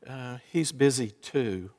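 A man voicing a whispering four-year-old boy who answers the phone in short, hushed replies. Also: medium pitch, animated, slow pace, long reverb tail, pitched below the performer's own voice. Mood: secretive.

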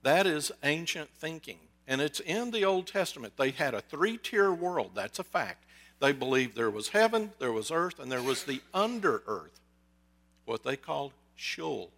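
Fairly high-voiced man preaching a sermon. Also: very animated, normal speed, fairly bright tone. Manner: conversational storytelling with jokes and asides; acts out quoted voices. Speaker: pastor.

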